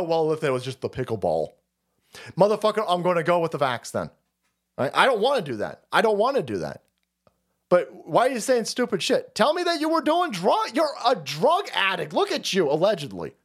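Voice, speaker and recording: A man hosting a livestream, ranting in a mocking, sarcastic, foul-mouthed way and sliding into mock voices. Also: high voice. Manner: animated, swings into mock voices. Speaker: livestream host. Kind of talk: profane political commentary rant.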